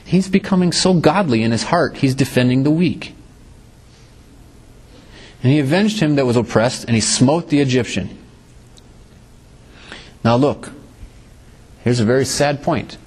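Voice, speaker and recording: A man preaching a sermon, reading scripture and explaining it, his voice dropping low and rising again for emphasis. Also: measured pace, pauses often, a little mellow, husky.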